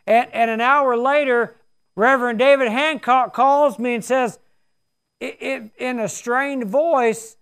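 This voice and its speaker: Older male pastor, high and smooth-voiced, folksy earnest sermon delivery. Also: takes it slowly, fairly bright tone.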